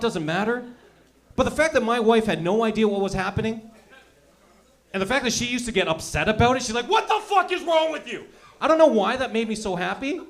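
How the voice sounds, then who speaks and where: A young adult man doing a profane, rambling stand-up comedy set, telling animated stories to a crowd. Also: high voice.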